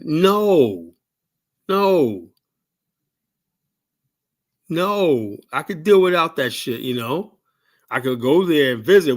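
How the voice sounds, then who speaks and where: An American man hosts a call-in show and delivers a heated, rambling rant. His voice sits at an ordinary pitch for a man. He keeps circling back with "you know?" and "right?" as he builds his point. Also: a bit bright. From United States. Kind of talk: ranting livestream commentary.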